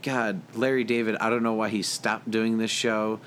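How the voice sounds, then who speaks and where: Young male co-host, lower register, easygoing rambler, faint noise in the recording. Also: level tone, moderate pace, fairly bright tone. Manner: rambling, filler-heavy, chuckles often. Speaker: podcast co-host. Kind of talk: casual movie chat.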